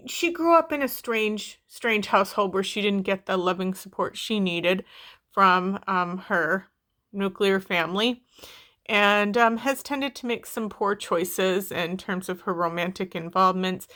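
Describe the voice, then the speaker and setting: A woman casually reviewing a book, chatty and rambling with many fillers and restarts, retelling the story in a playful, animated way. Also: medium pitch.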